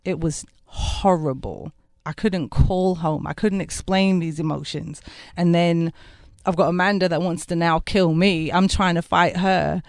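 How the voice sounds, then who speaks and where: Low gravelly woman singer, candid. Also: steady tone, a little slow, hardly any pauses, no room sound, studio quality. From England. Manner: warm and open, affirming with "amen" and "mm-hmm". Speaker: singer, studio guest. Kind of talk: candid interview talk.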